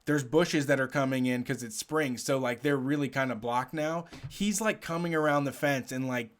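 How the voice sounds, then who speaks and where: A man's voice: medium pitch, moderate pace. A man on a casual talk show, telling a story with lots of swearing, laughing through parts of it. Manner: animated, profane, laughs while telling. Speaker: podcast host telling a story.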